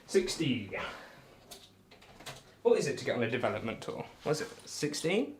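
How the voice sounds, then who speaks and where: A man's voice: mid-range voice, very animated, normal speed, background noise. A man chatting casually on a live stream, reading out viewer comments and bantering between darts throws in a rambling, friendly way. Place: home room while throwing darts.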